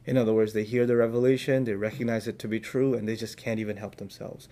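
A man's voice: fairly low pitch, steady tone, fast, few pauses, a little mellow. A man giving an earnest religious advice talk, telling stories and translating scripture verses as he goes. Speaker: Islamic speaker.

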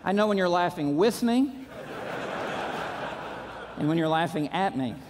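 A man preaching a conference sermon, driving his points home with punchy repetition and rising to shouts. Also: high voice, lively intonation, a little slow, noisy background. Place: large auditorium. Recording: long reverb of a large hall.

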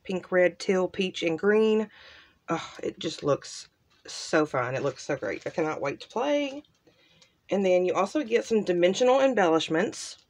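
A woman hosting a casual crafting unboxing, gushing softly and trailing off into quiet asides. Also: lowish voice, animated, measured pace. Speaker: crafting channel host. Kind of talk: casual unboxing show-and-tell.

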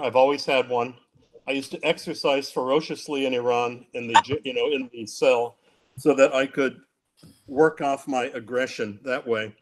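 A man's voice: medium pitch, a little hiss or hum. An older man on a discussion panel, telling a story vividly and acting out the quotes. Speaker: panel guest recounting captivity.

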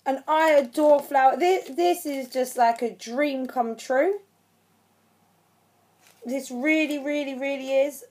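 High, slow-talking woman, emotional and thankful. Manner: shaky with excitement. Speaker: craft channel vlogger. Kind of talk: unboxing vlog chat.

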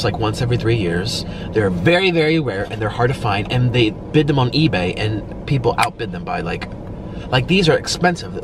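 A man's voice: mid-range voice, background noise. A man talking emotionally and at length while eating on camera, rambling and filling his speech with "like". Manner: rambling and emotional, heavy use of "like". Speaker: mukbang video creator.

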